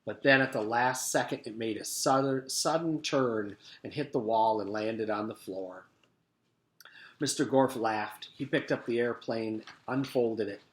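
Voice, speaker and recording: A man's voice: medium pitch, a little slow. A male teacher reads a children's chapter book aloud to his class in an easy, casual manner. His voice sits in the middle for a man, and the room around him rings with a roomy echo. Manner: relaxed and casual, with fillers between chapters.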